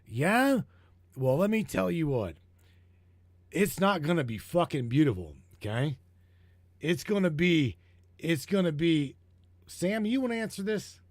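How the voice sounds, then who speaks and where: Hoarse, fired-up man ranting. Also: on the high side, very animated, a little slow, long pauses, dry recording. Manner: heated, profane, repeats himself. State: getting hoarse. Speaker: broadcast host. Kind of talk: rambling conspiracy talk show.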